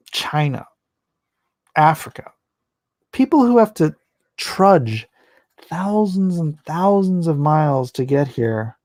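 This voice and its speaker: A man hosting a casual late-night livestream, rambling and opinionated, his voice going hoarse. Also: on the high side, darkish tone, dry recording. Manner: rambling, opinionated, restarts often. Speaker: livestream host reading chat.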